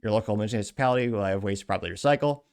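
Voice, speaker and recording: A man's voice: on the low side, rapid-fire, darkish tone, clean tone. Wry male commentary host. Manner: wry, sarcastic asides. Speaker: show host. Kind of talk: commentary reading social media posts.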